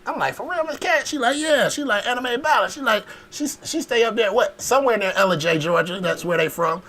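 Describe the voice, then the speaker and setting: A man's voice: high-pitched, brisk. A man from Alabama, hosting a casual podcast chat and acting out stories with lots of laughter. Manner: animated storytelling, laughing, acts out quotes. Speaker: podcast host.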